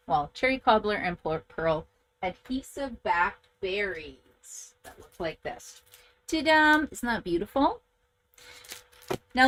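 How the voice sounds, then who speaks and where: A middle-aged woman from Canada, chatting casually as she demonstrates papercraft and greets viewers by name. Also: medium pitch. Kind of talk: casual live craft demo.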